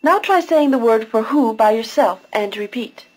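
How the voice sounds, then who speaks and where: A woman's voice: a little high, expressive, normal speed, husky, poor audio. A woman giving scripted narration for a language course, patiently explaining pronunciation step by step.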